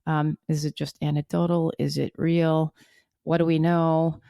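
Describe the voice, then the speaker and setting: A woman's voice: sits low, little pitch movement, measured pace, vocal fry, dark tone, no echo, clean studio sound. A woman co-hosting a podcast, chatty and playful, teasing her guests and asking questions. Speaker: podcast co-host. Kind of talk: casual chat interview.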